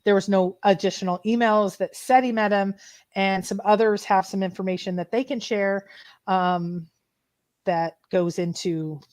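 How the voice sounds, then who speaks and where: A woman co-hosting a treasure hunt livestream, retelling events in an emotional, animated way with many restarts. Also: medium pitch, a little slow. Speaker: treasure hunt show co-host. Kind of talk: casual livestream chat, storytelling.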